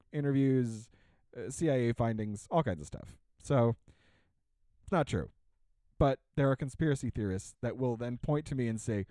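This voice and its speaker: A man's voice: medium pitch, darkish tone, no echo. A man on a podcast, chatting casually in a sarcastic rant, full of fillers and restarts. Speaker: podcast co-host. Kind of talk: casual ranting chat.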